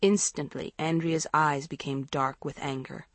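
A woman narrating a chapter book in a measured storytelling read. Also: low-pitched, fairly even intonation, no room sound. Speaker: audiobook narrator. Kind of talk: scripted narration.

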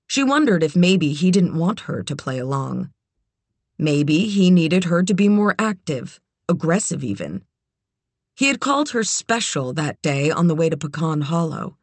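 An audiobook narrator reading a novel in even, measured scripted narration. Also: medium pitch, no echo.

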